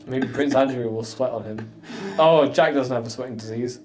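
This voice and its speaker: A man co-hosting a casual podcast while watching a show, excitable and quick to laugh. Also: mid-range voice, a little hiss or hum. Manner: excitable, laughing, jumps into quoted impressions. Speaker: podcast co-host.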